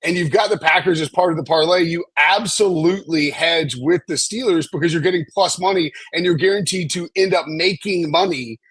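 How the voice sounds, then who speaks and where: Guy talking betting picks, husky, kinda high voice, dry sound, lots of um and uh. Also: fairly quick, hardly any pauses, a bit bright, dry recording. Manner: rambling, hesitant, lots of fillers and restarts. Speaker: sports betting analyst. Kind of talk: casual live-stream betting chat.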